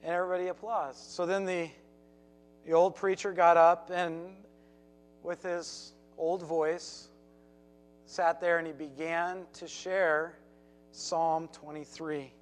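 High-voiced pastor, slow and deliberate. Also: male voice, rough recording. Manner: storytelling with emphatic repeats, acted quotes. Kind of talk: sermon.

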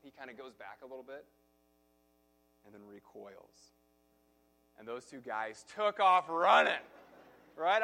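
A male pastor preaching a sermon, telling a personal story in an animated way, swinging from soft to loud. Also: medium pitch, moderate pace, pauses often.

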